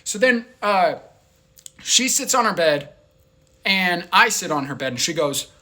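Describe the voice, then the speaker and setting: Brief: young male vlogger, casual and rambling, lively swooping pitch. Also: measured pace. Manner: rambling and animated, full of "like". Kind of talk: casual storytelling.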